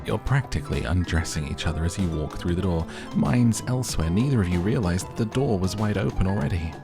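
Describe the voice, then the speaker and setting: Deep, gravelly man narrating a game. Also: lively intonation, a little fast. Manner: playful, wry asides. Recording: music playing behind.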